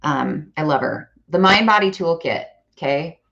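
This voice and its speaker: Chatty woman live-streaming, low voice. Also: normal speed, creaky. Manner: chatty, animated, self-correcting. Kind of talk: casual live-stream chat. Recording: dull lo-fi live-stream audio.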